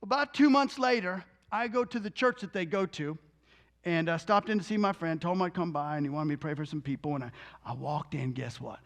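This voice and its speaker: High-voiced, lively preaching man. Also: a little fast. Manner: animated storyteller who laughs often; emphatic, repeats lines for force. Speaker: deliverance minister. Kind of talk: testimony storytelling and preaching.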